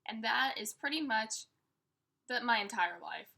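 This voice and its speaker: Bright, chatty young woman vlogger. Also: on the high side, expressive, unhurried, vocal fry. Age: young adult. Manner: chatty and self-deprecating, acting out her own panicked thoughts. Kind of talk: casual chat.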